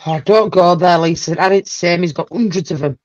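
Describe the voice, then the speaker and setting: A woman hosting a casual livestream chat, talkative and quick to exclaim. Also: on the low side, a little mellow, no echo, muffled recording. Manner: chatty, exclaims and laughs often. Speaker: livestream host.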